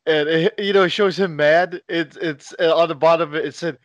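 A man's voice: on the high side, steady tone, a little fast, no room sound. A man co-hosting a podcast, laid-back and casual with brief replies. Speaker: podcast co-host. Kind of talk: casual chat. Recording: dull dry lo-fi sound.

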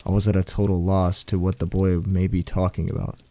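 A man reading a first-person horror story aloud as a storyteller, in a slow, brooding way. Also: deep voice, little pitch movement, dark tone.

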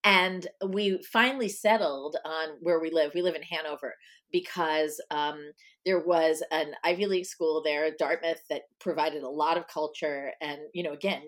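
A woman's voice: deep voice, steady tone, normal speed. A middle-aged woman from Long Island, a guest in a casual interview, chatting with lots of ums and you-knows. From Long Island, New York. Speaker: guest, author.

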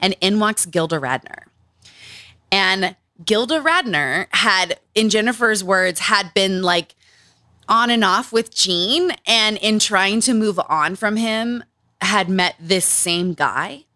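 A woman's voice: mid-range voice, slow pace, bright, forceful tone, no echo, clean studio sound. A woman hosting a podcast, telling stories in a chatty, casual way, full of "like". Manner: chatty storyteller, heavy use of "like". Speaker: podcast host. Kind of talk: casual book chat.

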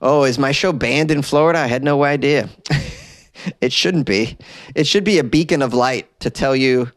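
A man of middle pitch hosts a comic news show from a cramped closet, his voice close and dry with no room sound. He wanders off into joking tangents, then yelps up high when something outrages him. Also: normal speed, no echo. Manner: rambling, joking asides with sudden high exclamations. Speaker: podcast host and comedian. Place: small closet in an apartment. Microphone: desk mic in closet.

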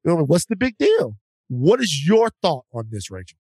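A man's voice: a little high, wildly swooping pitch, normal speed, darkish tone, breathy edge, no echo, clean studio sound. A man co-hosting a podcast, telling a story in a casual, slangy, rambling way with restarts. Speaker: podcast co-host.

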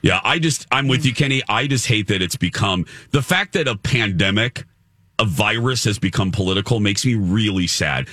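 Bright, lively male radio host. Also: fairly low pitch, moderate pace, dry recording, studio quality. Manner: animated, tells stories with voiced quotes. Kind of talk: casual studio chat.

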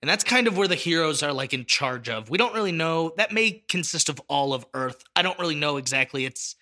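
Bright animated man retelling a story. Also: fairly high pitch, fairly quick. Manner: animated storytelling, acts out scenes. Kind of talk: casual chat.

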